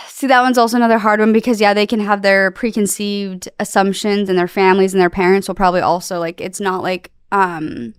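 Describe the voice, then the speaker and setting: A woman's voice: medium pitch, little pitch movement, a little fast, hardly any pauses, clear, resonant tone, no room sound, studio quality. A young woman talking candidly as a podcast guest, rambling and emotional, with plenty of fillers. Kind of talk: candid interview talk.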